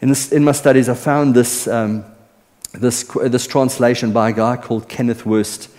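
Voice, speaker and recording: A male pastor preaching, his voice ringing with a long reverb through a large hall. He talks earnestly, building to loud, excited peaks and then falling to soft, hushed lines. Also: mid-range voice, moderate pace. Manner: earnest, animated storytelling with swings between loud and soft. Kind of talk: sermon.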